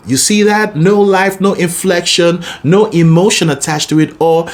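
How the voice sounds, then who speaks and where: A man teaching a singing lesson as a vocal coach, talking in an expressive, demonstrative way. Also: normal speed, few pauses. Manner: expressive, demonstrative, lively pitch.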